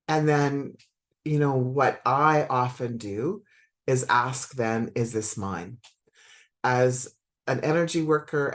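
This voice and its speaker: A middle-aged woman talking as a spiritual coach to her audience, conversational and reflective, with many fillers and self-corrections. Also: extremely low pitch.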